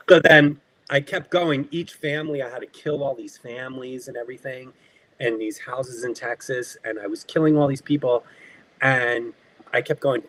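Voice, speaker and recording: Man telling animated acting stories. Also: mid-range voice, normal speed, low-quality recording. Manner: lively storyteller who acts out quoted lines and laughs often. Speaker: actor, interview guest. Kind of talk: casual anecdote telling.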